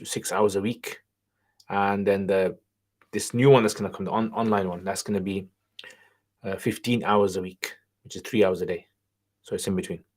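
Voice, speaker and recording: A man hosting a casual livestream Q&A while driving, reading viewer questions aloud and answering them in a relaxed, chatty way. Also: sits low. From England. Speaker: channel host, Islamic teacher. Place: car, driving while streaming.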